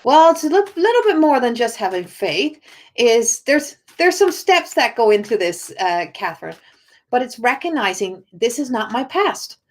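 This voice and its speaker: A woman spiritual coach chats to viewers on a live stream in an ordinary conversational register. Her delivery is earnest and encouraging, but halting, and she often repeats words and restarts her sentences before finishing a thought. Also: fairly high pitch, big pitch swings. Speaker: spiritual coach and oracle card reader.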